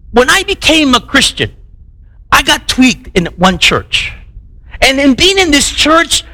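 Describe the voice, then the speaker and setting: Animated, high-voiced male preacher. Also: rough recording. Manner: animated, conversational preaching with rhetorical questions; repeats words and restarts phrases. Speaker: pastor. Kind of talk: sermon.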